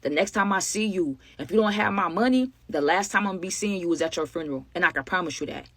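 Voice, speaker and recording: A woman's voice: lowish voice, expressive, quick pace, no room sound. A woman quoting a cocky, menacing armed man. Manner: threatening, boastful street talk.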